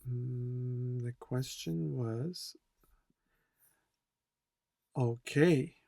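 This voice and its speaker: A man's voice: medium pitch, drawn-out words, gravelly, dark tone, dry recording, clean studio sound. A man instructor working through test answers, repeating key words and reading the dialogue lines aloud. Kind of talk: tutorial explanation.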